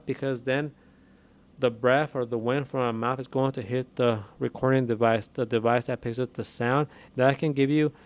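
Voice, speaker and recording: A man's voice: medium pitch, clear, resonant tone. A man talking through a microphone setup in a plain, conversational way, repeating points as he goes. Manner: plain, conversational, repeats himself while explaining. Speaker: tech reviewer. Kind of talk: casual explanatory demo. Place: home room with a window. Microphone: USB dynamic microphone with headset.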